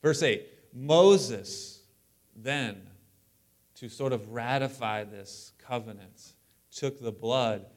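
A male pastor preaching a sermon in a church, animated and lively, breaking up the teaching with joking asides. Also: mid-range voice, slow. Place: church sanctuary.

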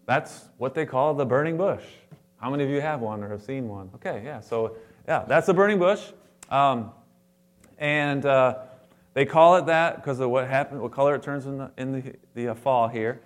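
A man preaching a sermon as a pastor to his congregation, animated and playful, acting out the lines he quotes. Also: mid-range voice, moderate pace.

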